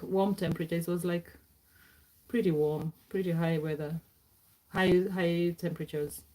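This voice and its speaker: Her voice lowish and warm, a middle-aged woman hosts a casual live stream, chatting loosely, calling out viewers by name, and often laughing and clearing her throat.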